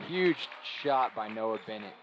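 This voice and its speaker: A man's voice: lowish voice, expressive, unhurried, lo-fi sound, crowd noise, background noise. A young man giving rambling color commentary with many fillers at a school basketball game. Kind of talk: local sports commentary.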